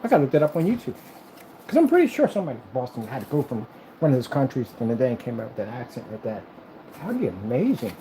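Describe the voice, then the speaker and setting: Brief: chatty DIY vlogger man, dark mellow tone, swooping lively delivery. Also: mid-range voice, fast, slight background noise, rough recording. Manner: rambling, repetitive, enthusiastic. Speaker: PC builder and vlogger. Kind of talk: casual chat while building.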